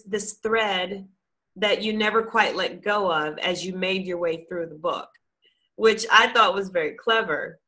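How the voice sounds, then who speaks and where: Woman, book reviewer, bright ringing tone, thoughtful, restarts phrases, conversational review. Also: medium pitch, poor audio.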